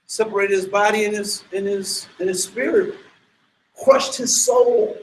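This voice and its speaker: Man, sermon-like talk, emphatic, rhetorical questions, high voice, echoey room. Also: a little slow. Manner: animated, emphatic, many restarts and rhetorical questions. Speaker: speaker addressing an audience.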